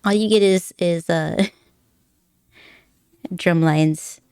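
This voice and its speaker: A woman streamer rambles through a casual chat with her viewers, giggling often and teasing them playfully. Her voice sits fairly low, and the close mic sounds dry with no room echo. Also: steady tone, drawn-out words, dark tone, clean tone. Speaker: live streamer.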